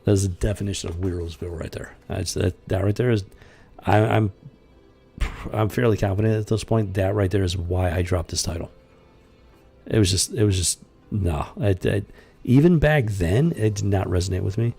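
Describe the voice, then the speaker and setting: Gravelly low-voiced man griping about comics. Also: normal speed, a little mellow, soft background music. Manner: exasperated, blunt, profane, stammering restarts. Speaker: host. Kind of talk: casual comic book commentary.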